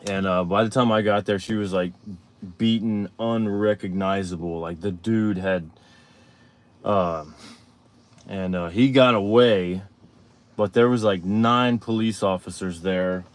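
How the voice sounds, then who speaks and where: A man hosting a live show, telling a personal story in a rambling, halting way full of fillers and restarts. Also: fairly low pitch, fairly even intonation. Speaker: show host. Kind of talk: casual storytelling on a live stream.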